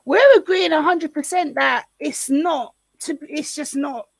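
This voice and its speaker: A woman joining a live stream as a guest, talking in a relaxed, agreeable way. Her voice sits a little high and sounds dry and close, with almost no room around it. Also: measured pace, vocal fry, no room sound. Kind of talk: casual live-stream chat.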